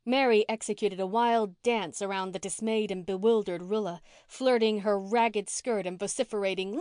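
A female audiobook narrator reads a classic novel from a script, measured yet expressive, at a middling pitch. The sound is close and dry, with no trace of the room.

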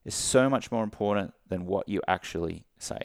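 A man's voice: on the low side, a little fast, dry recording. Australian-raised guy coaching on a podcast, plays out mini scenes, dry close mic. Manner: acts out little dialogues with shifting voices. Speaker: guest, alcohol-free coach. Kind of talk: animated podcast interview.

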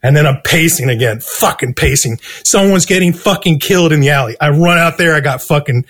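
A man, a guest, telling a story in casual, profanity-laden talk and acting out his own quoted lines with animated swings. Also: fairly high pitch, fairly quick. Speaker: guest musician.

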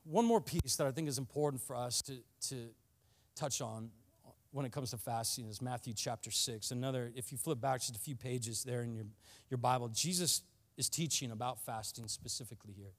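A man's voice: medium pitch, fairly quick. Earnest man preaching a sermon. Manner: earnest, rising to passionate emphasis, with repeated restarts. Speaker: pastor.

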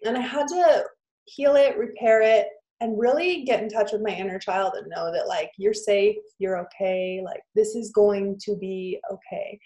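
A woman's voice: mid-range voice, steady tone, normal speed, dark tone. A woman in her thirties, a trauma therapist, tells her personal story in an interview in an earnest, emotional way, with lots of "like" fillers. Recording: roomy echo.

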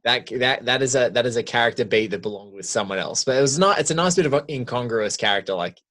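A man's voice: mid-range voice, lively intonation, fast talker, a bit bright. Film podcast co-host, a man who rambles and keeps restarting with lots of "like". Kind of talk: casual film chat.

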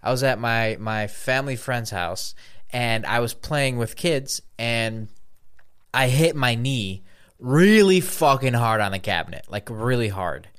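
A man's voice: mid-range voice, expressive, unhurried, a bit bright, smooth. A young man co-hosting a podcast in loose, casual chat. He swears often and trails off mid-sentence. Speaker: podcast co-host.

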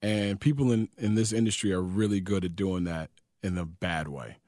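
A man in casual chat, an animated storyteller who swears freely and acts out quotes. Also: deep voice, moderate pace, no echo, clean studio sound.

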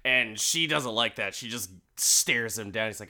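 A man casually recapping a show, animated and profane, breaking into quoted voices and laughing. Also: lowish voice, a little slow.

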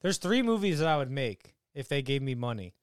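A man's voice: mid-range voice, a little fast, clear, resonant tone, no room sound, studio quality. A man co-hosting a podcast, chatting casually and joking about films. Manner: animated, joking. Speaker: podcast co-host. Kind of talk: casual chat.

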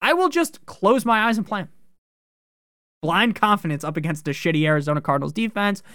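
A man talks through a sports podcast in loose, profane commentary, full of jokes. His voice is smooth and resonant. The sound is close and dry, with no room around it. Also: sits high, animated, pushed and bright, no room sound. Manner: profane, joking, fast-talking. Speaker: fantasy football podcast host.

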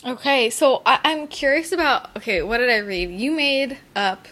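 A woman's voice: high-pitched, moderate pace, fairly bright tone. A woman hosting an interview, asking curious, encouraging questions with some hesitant phrasing. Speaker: interviewer host.

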